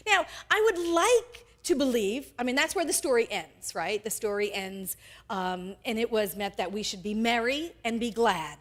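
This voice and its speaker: A woman pastor preaches a sermon, her voice riding high and swinging widely from phrase to phrase. She talks in an animated way and slips into the voices of the people in her story. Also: measured pace. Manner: animated, acts out quoted characters.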